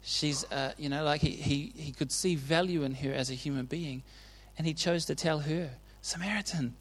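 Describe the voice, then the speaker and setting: Casual male preacher, slightly high voice, chatty, keeps asking the room "right?". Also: normal speed, breathy edge. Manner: chatty and informal, often checks in with the audience. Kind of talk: casual sermon retelling Bible stories.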